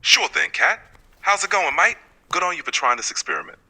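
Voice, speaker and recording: A man's voice: a little high, wildly swooping pitch, fairly quick, bright, forceful tone, husky. A synthetic male AI assistant voice with an Australian accent, telling a short folksy story. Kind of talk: text-to-speech storytelling.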